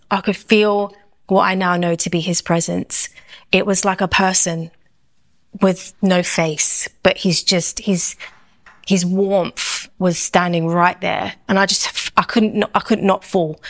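A woman's voice: medium pitch, fairly bright tone. A woman giving a personal faith testimony. She tells it expressively and acts out her own inner thoughts as she goes.

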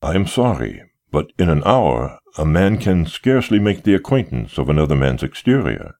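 A man voicing a polite, unyielding gentleman host. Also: rumbling low, sing-song, normal speed, full character voice. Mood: courteous.

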